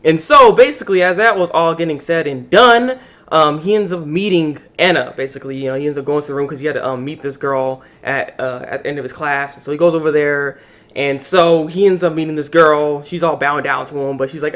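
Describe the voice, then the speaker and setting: A young man giving a casual anime episode review, animated and acting out the characters' lines. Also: fairly high pitch. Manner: animated, acts out the characters' lines in quick voices.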